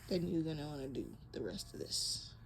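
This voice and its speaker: A woman's voice: low-pitched, brisk, slight background noise, rough recording. A young woman walking through crochet basics in a casual, chatty way, breathing hard and correcting herself as she goes. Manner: relaxed, chatty, self-correcting with little laughs. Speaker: crochet tutorial host. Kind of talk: casual how-to demonstration. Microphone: close mic picking up breathing.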